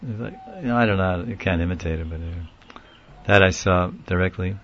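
A man telling a long story in a casual, rambling way, often laughing and getting animated when he quotes people. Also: low-pitched, fairly quick, dull audio. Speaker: speaker recounting a story in a class. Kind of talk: informal storytelling talk.

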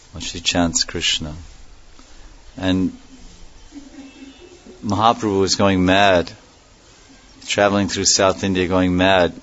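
Low-voiced man giving a devotional lecture. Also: fairly bright tone, slight background noise. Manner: reflective, repeats key words, chuckles now and then. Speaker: spiritual teacher. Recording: dull lo-fi recording.

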